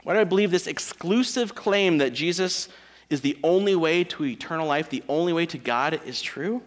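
Delivering a sermon, this pastor speaks in a fairly high, animated voice, pressing his points hard, pausing for drama, and moving sharply from loud to quiet.

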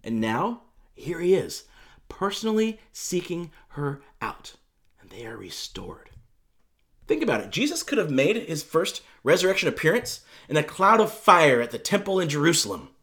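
A male pastor preaching a sermon in a conversational, emphatic storytelling manner. His voice is a little high and swings through a very animated pitch range. He keeps the tone casual with frequent fillers. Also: moderate pace.

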